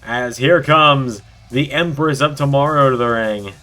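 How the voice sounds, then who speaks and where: A man's voice: mid-range voice, measured pace, sharp tone. A man with a sore throat doing announcer-style play-by-play commentary for a video game wrestling show. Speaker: commentator, channel host.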